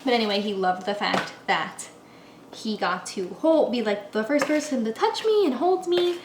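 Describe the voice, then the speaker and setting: A woman's voice: fairly high pitch, lively intonation, moderate pace. A young woman in her twenties chatting casually and rambling as she bakes in her apartment kitchen, laughing often. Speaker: vlogger. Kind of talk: casual chat while baking. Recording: echoey room, faint noise.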